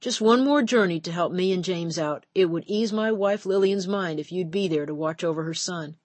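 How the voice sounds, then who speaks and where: A woman's voice: lowish voice, normal speed, a little mellow, no room sound, natural voice. A woman voicing a stubborn older male sea captain who hollers his commands. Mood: pressing.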